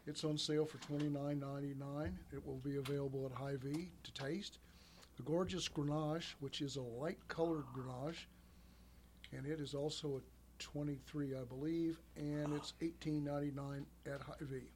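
A man presents wines on a radio chat show and reads out their prices and blends. His voice sits a little high. A faint room ambience lies behind him. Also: steady tone, moderate pace, a little mellow, a little hiss or hum. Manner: reads out wine details. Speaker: wine presenter. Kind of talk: casual chat.

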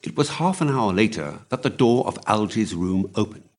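A man narrating a novel aloud with measured storytelling. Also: on the low side, lively intonation. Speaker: audiobook reader.

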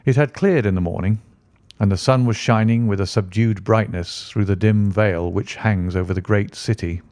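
A man narrating a story with a steady, even delivery in a low voice. The recording is dry and close, with no room sound around him. It suits a plain, unhurried audiobook read. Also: no echo. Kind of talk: scripted narration.

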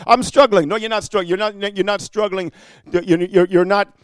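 A man preaching a sermon, moving from quiet storytelling to loud rebuke, filling it with amen and rhetorical questions. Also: high voice, little pitch movement, normal speed, smooth, dry recording. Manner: frequent amen and rhetorical huh.

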